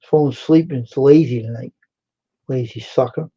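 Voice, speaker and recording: Guy telling a story over and over on a stream, mellow voice, kinda muffled audio. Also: mid-range voice, moderate pace, slightly rough. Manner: repetitive, plain-spoken storyteller. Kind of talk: casual live stream chat.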